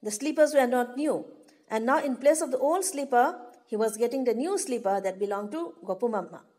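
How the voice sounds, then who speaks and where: A woman's voice: fairly high pitch, animated, a little fast, a little mellow. A woman teacher, reading a story aloud and explaining it to pupils, often repeating herself. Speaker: English teacher.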